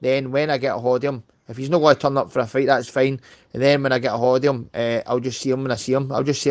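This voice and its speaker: A man's voice: mid-range voice, level tone, fast talker, dry recording. A man with a Scottish accent, talking heatedly and swearing a lot on a live call, tagging lines with "mate" and "know what I mean". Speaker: live stream guest. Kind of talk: casual chat on a live call.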